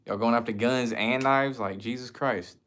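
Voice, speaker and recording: A man's voice: mid-range voice, steady tone, normal speed, fairly bright tone. A man from the United States chatting casually as a streamer, answering viewer questions in a loose, slangy, profane way. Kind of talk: casual chat.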